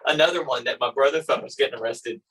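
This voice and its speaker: A man's voice: mid-range voice, rapid-fire, slight background noise, poor audio. A man hosting a podcast, chatting casually and acting out quoted exchanges as he tells stories. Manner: animated storyteller, acts out quotes. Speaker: podcast host. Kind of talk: casual chat.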